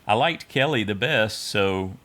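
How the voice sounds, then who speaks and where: A man hosting a fan podcast, reading listener feedback aloud in a measured, friendly way. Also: lowish voice, animated, sharp tone. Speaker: podcast host.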